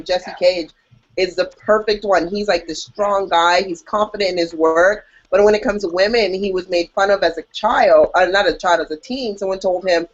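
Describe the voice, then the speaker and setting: Woman cohost gabbing on a podcast, lively jokey delivery, kinda dull lo-fi sound. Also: medium pitch. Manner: animated, jokey, acts out reactions. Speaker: podcast co-host. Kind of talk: casual chat. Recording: dull lo-fi audio.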